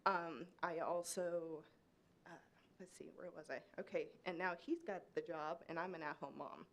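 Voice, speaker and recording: A woman's voice: low-pitched, moderate pace. Emotional woman pleading at a meeting. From Kansas. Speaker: public commenter. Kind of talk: public comment at a city meeting. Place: city commission meeting room.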